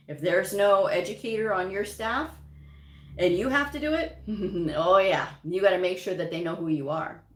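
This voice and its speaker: A woman hosting a casual live chat on her channel, giving career advice on medical coding. She speaks emphatically, repeats her points and chuckles often. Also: on the low side. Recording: roomy echo.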